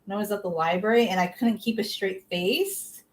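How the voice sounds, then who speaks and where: A woman's voice: mid-range voice, moderate pace, low-quality recording. A young adult woman chatting casually to camera as a vlogger, opinionated and full of "like" fillers.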